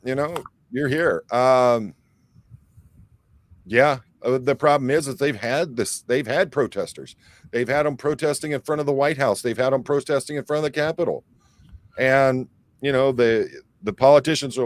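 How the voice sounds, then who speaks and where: A man's voice: medium pitch, moderate pace, no echo. A man from the Detroit area hosting a casual livestream, reading viewer comments aloud and rambling with plenty of fillers. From Michigan, near Detroit. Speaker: livestream host reading chat.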